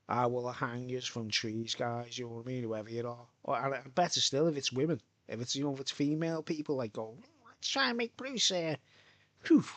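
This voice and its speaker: A man's voice: mid-range voice, no echo. A middle-aged man, chatting loosely and swearing on a live stream from home. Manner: swearing, rambling, chatty, laughs a lot. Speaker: livestreamer. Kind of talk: rambling casual live-stream chat.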